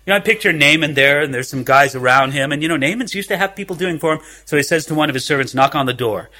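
A man preaching a sermon from a Bible passage, asking rhetorical questions and acting out what the figures say, his voice swinging from loud to hushed. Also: fairly high pitch, fast talker. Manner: expository preaching, acts out the biblical figures' words. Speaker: pastor.

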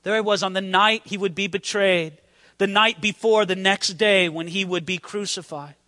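A man preaches with passion, his voice very high and bright. He addresses his listeners directly and acts out the prayers in his story. His words ring out in a room with a long, lingering reverb. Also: steady tone, moderate pace. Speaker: pastor. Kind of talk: sermon.

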